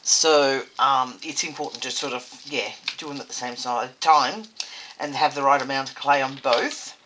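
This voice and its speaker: A woman's voice: very deep voice, fairly even intonation, moderate pace. A woman hosting a casual doll-making tutorial, chatty and hesitant with frequent ums. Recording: loud background noise.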